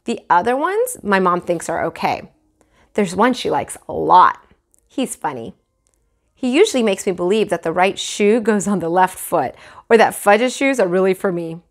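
A woman teacher reading a children's chapter book aloud in an expressive storytelling manner. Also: mid-range voice, normal speed. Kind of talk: children's read-aloud narration.

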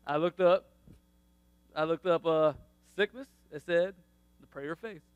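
A man, around his thirties, sharing a faith testimony about his family in a casual, animated way, laughing often and acting out what people said. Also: fairly high pitch, unhurried, smooth, dry recording, lo-fi sound.

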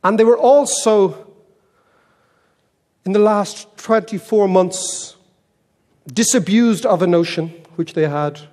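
An Irish man giving a humorous keynote talk, telling stories in a wry, animated, self-mocking way. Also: high voice, slow, pauses often. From Ireland. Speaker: keynote speaker. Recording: echoey hall with long reverb.

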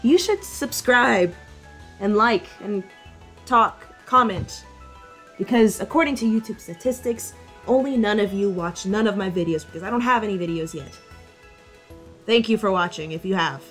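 A young woman giving casual, joking commentary while playing a video game, sarcastic and quick to laugh and cry out. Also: mid-range voice, lively intonation, soft background music. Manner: playful, sarcastic, laughs often, loud outbursts. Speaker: gamer.

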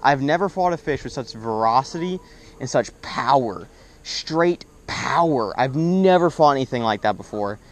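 A young man filming his own fishing trip at a lake shore, talking in an excitable, rambling way and swearing when frustrated. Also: mid-range voice, normal speed. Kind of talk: casual outdoor fishing vlog.

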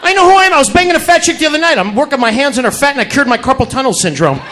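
A man doing stand-up on a comedy club stage, with an unusually high voice that leaps all over its range. He talks brash and crude, throws profanity around and needles the crowd, over a faint hiss on a handheld mic. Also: animated, racing, bright, forceful tone. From Connecticut. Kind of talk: stand-up routine.

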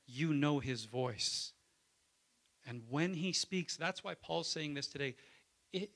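A man's voice: a little high, sharp tone. A man, a pastor, preaching a sermon in a conversational way, often asking the congregation for an amen. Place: church.

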